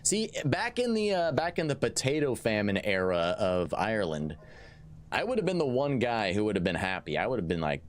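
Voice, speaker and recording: A man streaming a strategy game who jokes and rambles, often stopping to restart a sentence. His voice sits fairly low but swings widely in pitch when he gets worked up. Faint game music plays behind him. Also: normal speed. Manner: excitable, jokey, rambling with frequent restarts. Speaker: gaming streamer. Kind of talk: live game commentary.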